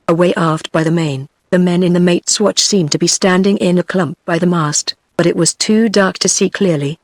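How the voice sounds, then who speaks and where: A text-to-speech voice of a woman with a British English accent, reading a novel aloud in the same even delivery for narration and dialogue. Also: fairly low pitch, normal speed, hardly any pauses, no echo, studio quality. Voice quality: even synthetic delivery, quoted lines read in the same voice.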